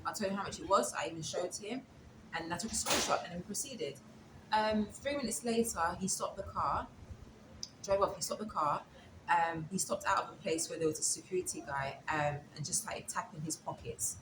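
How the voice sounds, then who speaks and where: Guest: a woman with a low voice, retelling events and quoting what each person said, recorded in an echoey, noisy room. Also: moderate pace. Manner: retells events with quoted dialogue. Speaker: interview guest. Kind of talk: casual storytelling. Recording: echoey room with background noise.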